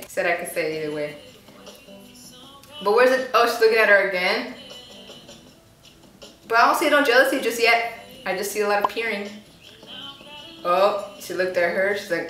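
A woman's voice: on the high side, measured pace, pauses often, fairly bright tone. A woman hosting a reaction video at home, chatting playfully and talking back at the screen. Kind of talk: casual reaction commentary. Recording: roomy echo, distant from mic, faint music.

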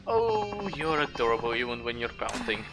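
A man's voice: mid-range voice, big pitch swings, moderate pace, gravelly. A man voicing a flirty adult woman hostess in a game, reading subtitles aloud in a gushing, cooing way. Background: game music.

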